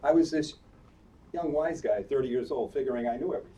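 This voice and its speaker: A man's voice: mid-range voice, fast talker, warm tone. A man in his eighties, a cantor, telling a chatty, playful story during a synagogue service and asking the children questions as he goes. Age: 80s. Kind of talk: storytelling sermon to a congregation. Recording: distant live-stream audio with faint background noise.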